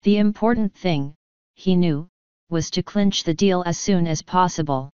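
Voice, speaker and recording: A woman reads a story aloud in a low, very clear and smooth voice. The sound is dry and close, with a slightly dull, lo-fi edge to the recording. Her storytelling stays even and measured. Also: dry recording. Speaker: audiobook reader. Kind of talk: scripted narration.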